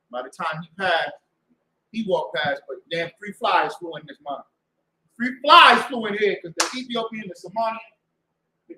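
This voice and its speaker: A man preaching as a show's host, loud and mocking, repeating himself and breaking into shouts. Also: sits high, echoey room, slight background noise, low-quality recording. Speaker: street preacher and show host. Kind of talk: fiery preaching talk. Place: indoor room with a door to the street.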